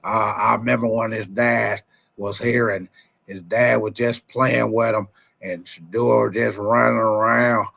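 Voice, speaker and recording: Man putting on a low voice, old folksy team owner, slow drawl, stammers and repeats himself. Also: vocal fry, fairly bright tone, heavily acted.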